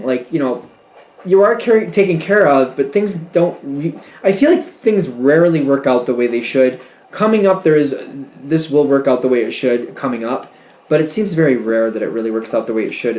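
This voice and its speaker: A man giving a casual tarot reading, rambling and interrupting himself with animated asides. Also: a little high, roomy sound. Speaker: tarot reader.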